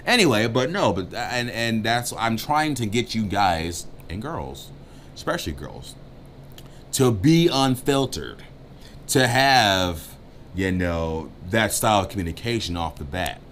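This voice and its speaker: A man co-hosting a dating advice chat, joking and talking without a filter, swinging between loud bursts and muttered asides. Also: on the low side, very animated, measured pace, a little hiss or hum. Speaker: co-host giving dating advice. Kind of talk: casual uncensored chat.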